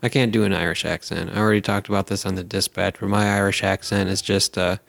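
Man, American accent, young adult, low gravelly voice, rambling jokey podcast chat. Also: level tone, fast talker, fairly bright tone, no room sound. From United States. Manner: rambling, jokey, breaks into silly high-pitched voices. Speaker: podcast host. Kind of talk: casual chat.

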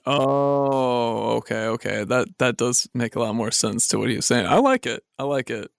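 A man's voice: medium pitch, normal speed, gravelly, no echo, clean studio sound. A man moderating a comedy podcast debate, playful and giggly, drawing out his teasing remarks. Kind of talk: casual comedy podcast chat.

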